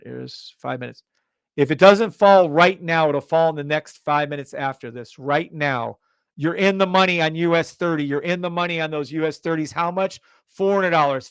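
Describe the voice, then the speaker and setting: Male live-stream host, slightly high voice with gravel, dry close sound; loud, profane, hyped. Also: normal speed, dry recording. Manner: loud, hyped, profane, swings between shouting and muttering.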